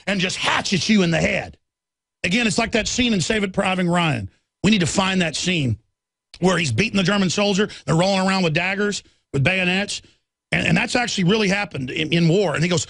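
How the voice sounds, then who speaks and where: A man's voice: high-pitched, brisk, creaky, a bit bright, no echo. A man hosting a political radio talk show, ranting in a fiery, combative way from a studio.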